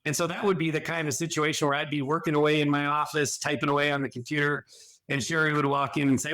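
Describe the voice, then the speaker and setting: A middle-aged man with a somewhat high voice speaks earnestly on a podcast. He explains at length, often restarting and adding "you know". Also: level tone, quick pace, bright, forceful tone. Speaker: podcast guest, addiction and sexual health counselor. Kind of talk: conversational podcast interview.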